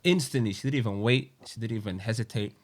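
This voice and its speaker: A man's voice: lowish voice, fast. A young man, a podcast co-host sharing a personal story in earnest, slang-filled casual chat. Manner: earnest, slang-filled, says wallahi often.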